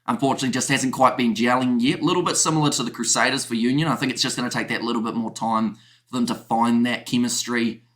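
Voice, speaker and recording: A man's voice: medium pitch, steady tone, quick pace, a bit bright. A man with a mid-range voice chats casually as a podcast co-host. He talks in an easygoing, rambling way, often saying "you know". He sounds like he is on a video call. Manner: chatty, uses "you know" a lot. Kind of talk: casual sports chat.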